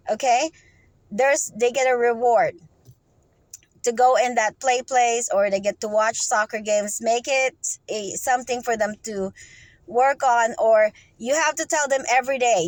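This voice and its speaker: A woman with a fairly high voice, recorded dry and close. She gives advice off the cuff in a rambling, instructive way, often breaking off and asking "okay?" before going on. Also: dry recording, low-quality recording. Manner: rambling and instructive, with frequent "okay?" check-ins; restarts and trails off mid-sentence. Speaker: vlogger giving advice. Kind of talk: unscripted advice monologue.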